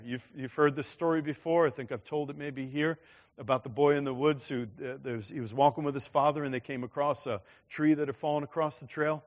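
A man's voice: a little high, fairly even intonation, brisk. A man preaching a sermon as a pastor, in an emphatic, conversational manner, in a slightly dull lo-fi recording.

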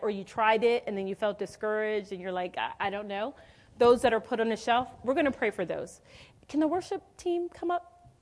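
This sermon comes from a woman in her forties whose voice is fairly high. She keeps it conversational and story-based, putting questions to the congregation aloud.

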